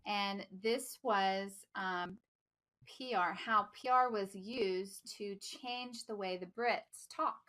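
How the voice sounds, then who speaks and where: A woman from the United States co-hosting a podcast, telling PR stories in lively casual chat and laughing easily. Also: mid-range voice, takes it slowly. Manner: animated storyteller, laughs easily. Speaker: podcast co-host, PR professional.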